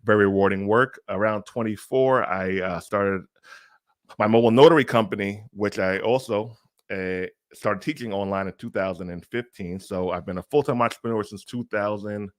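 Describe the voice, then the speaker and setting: A man in his forties talks as a guest on an online interview show. His voice sits close and dry on the mic, and he speaks in a relaxed, easygoing way with casual slang. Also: on the low side, normal speed, no echo. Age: 40s.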